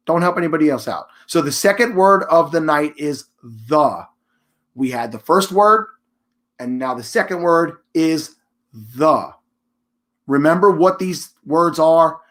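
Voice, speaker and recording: Man, stream host, slightly high voice, chatty and emphatic, loose casual announcements. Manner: chatty and emphatic, with frequent restarts and shout-outs. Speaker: host of a live charity stream.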